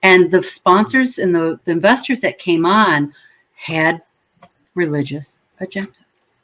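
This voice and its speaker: A woman guest in an interview, telling her story in a lively way and acting out her own past words. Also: lowish voice, unhurried, muffled recording.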